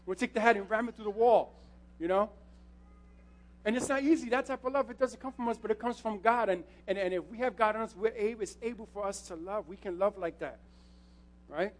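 A man's voice: high voice, fairly quick. A man preaching a sermon as a youth pastor, talking in a casual, slangy way and often checking in with the crowd with "right?".

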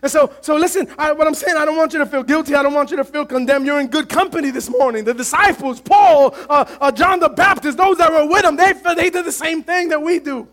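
High-voiced impassioned male pastor preaching. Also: fast talker, few pauses, a bit bright. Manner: impassioned, calls to congregation. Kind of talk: sermon.

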